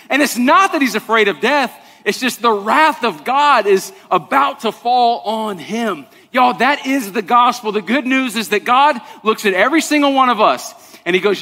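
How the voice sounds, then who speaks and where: A man preaching a sermon to a congregation, talking conversationally and dropping to soft, intense tones for weight. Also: high voice. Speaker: pastor. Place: church sanctuary. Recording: long reverb of a large hall.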